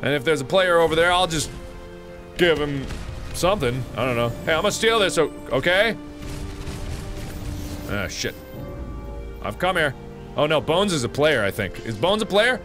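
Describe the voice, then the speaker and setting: A man streaming a game live, joking and yelling at enemies, then dropping to low mutters. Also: normal speed, pauses often, faint music behind. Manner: excitable, jokey, yells at enemies then mutters.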